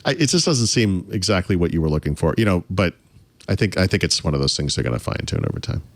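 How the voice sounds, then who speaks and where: Low-voiced male podcast co-host, rambling and self-interrupting, dry close sound. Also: sing-song, fast, dry recording. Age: adult. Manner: rambling, self-interrupting, chuckles at own jokes. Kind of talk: casual tech podcast chat.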